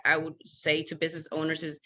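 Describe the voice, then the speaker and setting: A woman's voice: low voice, completely flat delivery, fast talker, sharp tone, rough recording. A woman consultant on a business panel, explaining practical steps in order. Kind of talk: panel discussion.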